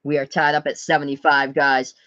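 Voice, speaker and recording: A man from the US Northeast giving live play-by-play commentary on his stream, calling the score briskly and talking to his chat. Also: on the high side, little pitch movement, pushed and bright, no room sound, muffled recording.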